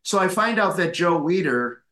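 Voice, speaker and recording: A man in his fifties, a guest chiropractor, telling animated anecdotes, laughing often and acting out the voices in his stories. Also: high voice, moderate pace, roomy sound. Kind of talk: anecdotal storytelling.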